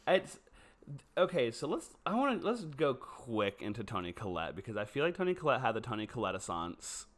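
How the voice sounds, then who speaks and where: A man co-hosting a podcast, talking in a chatty, joking way. His pitch swings widely as he riffs, sitting in the middle range for a man. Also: brisk. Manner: chatty, animated, jokey. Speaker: podcast co-host. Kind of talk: casual chat.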